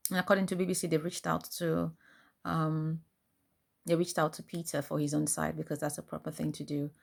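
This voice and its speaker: A woman's voice: sits low, little pitch movement, fairly quick, gravelly. A woman host and life coach, recounting a news story in casual commentary and translating a clip as it plays. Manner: recounting and translating a clip line by line, acting out quoted speech.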